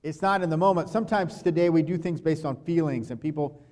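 Conversational pastor in a reverberant hall. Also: male voice, a little high, fast talker. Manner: conversational, drops to quiet asides and acts out quotes. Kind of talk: sermon.

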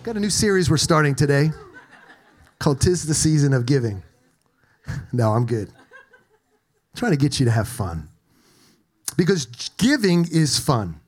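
Animated high-voiced male pastor. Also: measured pace, long pauses, soft background music. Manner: animated, playful, engages the congregation. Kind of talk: sermon. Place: church sanctuary with congregation.

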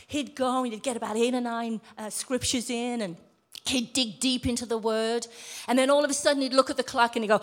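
A middle-aged woman preaching a sermon in a church room, lively and emphatic as she quotes scripture. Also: on the high side, a little fast. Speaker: lay preacher.

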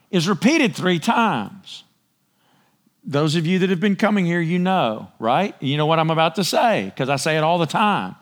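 Lively, conversational male pastor. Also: fairly high pitch. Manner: conversational, asks the congregation for agreement; clears throat often. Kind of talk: sermon.

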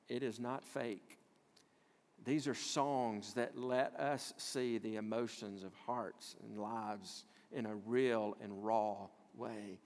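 A man's voice: medium pitch, in a large hall. A man preaching a sermon in a conversational way, reading scripture aloud and acting out small everyday scenes. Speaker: pastor.

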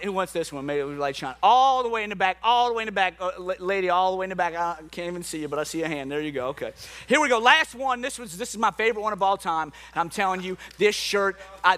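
A man preaching a sermon as pastor, joking playfully with the congregation before turning to scripture. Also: high-pitched. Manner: playful, jokey and animated with the crowd. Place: church hall with a congregation.

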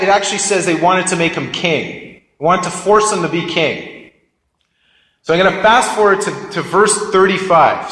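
High-voiced preacher in an echoey hall. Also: male voice, a bit bright. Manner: conversational, keeps prodding listeners with "get this" and "right?". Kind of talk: sermon with scripture reading.

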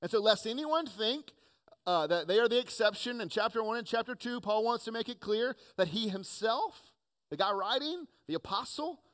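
A man delivers a sermon in a slightly raised voice. He moves from loud, emphatic points down to quiet, earnest asides as he preaches. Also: high voice, animated, normal speed. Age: adult, has children. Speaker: pastor.

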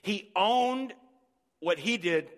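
A middle-aged man preaching a sermon as pastor, animated and joking with the congregation. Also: high-pitched, takes it slowly, big-room sound.

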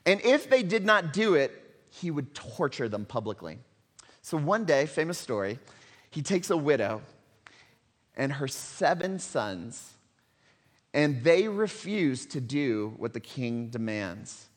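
A man's voice: a little high, very animated, slow pace. Male pastor, dramatic sermon storyteller, long hall echo. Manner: dramatic storytelling, swings between loud and hushed.

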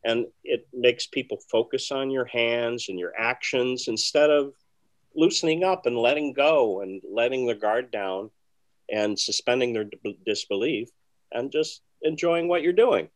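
A man who is a magician, telling stories in an interview with a rambling, conversational manner full of fillers and restarts. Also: a little slow. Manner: often soft and low, with lively bursts. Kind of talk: casual interview storytelling.

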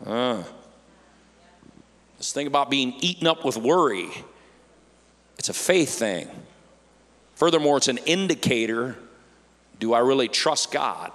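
Animated preacher man in a reverberant church. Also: medium pitch, moderate pace, pauses often. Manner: animated, playful preaching with acted-out worried voices. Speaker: pastor. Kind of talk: sermon. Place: church sanctuary. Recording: church hall with long reverb.

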